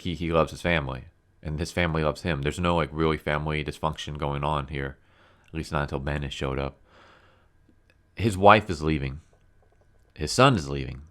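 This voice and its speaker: Low-voiced man ranting about comics. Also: a bit bright. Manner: exasperated, blunt, lots of "like" and "you know". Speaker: comic book reviewer. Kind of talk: casual ranting review.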